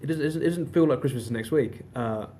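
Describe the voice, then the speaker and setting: Fast-talking man, joking. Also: mid-range voice, crowd noise. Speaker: podcast guest. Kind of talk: casual chat.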